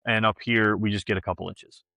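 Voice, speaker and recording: A man's voice: on the low side, fairly even intonation, fairly quick, bright, forceful tone, no room sound. Chatty, teasing man from Buffalo. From Buffalo, New York. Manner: chatty, teasing, laughs easily. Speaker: podcast co-host. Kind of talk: casual chat.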